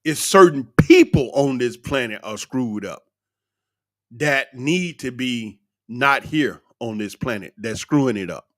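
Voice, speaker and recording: An older man vlogging in a casual monologue, an animated and rambling storyteller. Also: medium pitch, measured pace, dry recording, studio quality. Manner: animated, rambling storyteller who laughs often.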